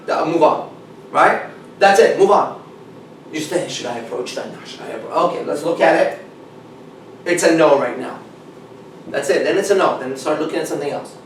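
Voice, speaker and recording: A man coaching a small group, talking bluntly and with heavy swearing. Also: fairly high pitch. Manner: blunt, profane, emphatic. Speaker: dating coach. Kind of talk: seminar talk to a small group. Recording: echoey room, mic far off, faint noise.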